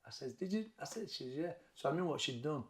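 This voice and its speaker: A middle-aged man with a Sheffield accent, talking candidly and haltingly in an interview, often repeating words as he recalls events. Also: a little high, expressive. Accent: Sheffield, Yorkshire. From England. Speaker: boxing trainer, interview guest.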